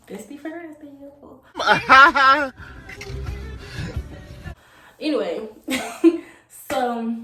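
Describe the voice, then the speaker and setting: A woman's voice: a little high, mellow. A young woman tells a rambling story in a casual vlog, with lots of "like" and "you know.". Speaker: vlogger. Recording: echoey room with faint noise.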